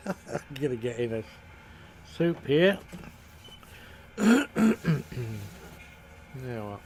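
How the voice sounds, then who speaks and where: This Scottish man streams a game, speaking at medium pitch with a very animated, darkish voice, extremely slowly and with long pauses. He chats and jokes with viewers, laughs at his blunders, and hums along; the low-quality recording carries a slight hiss or hum.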